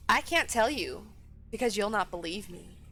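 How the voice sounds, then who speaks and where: A quiet, foreboding little girl, as a woman reads her lines. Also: mid-range voice, animated, normal speed, a little hiss or hum. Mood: sullen.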